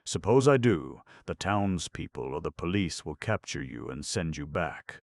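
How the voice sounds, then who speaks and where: Brief: gentle, reasoning male doctor read by a man, very low and gravelly. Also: normal speed, dry recording, full character voice. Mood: resigned. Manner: calm, reasoning, apologetic. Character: mild, resigned middle-aged male doctor.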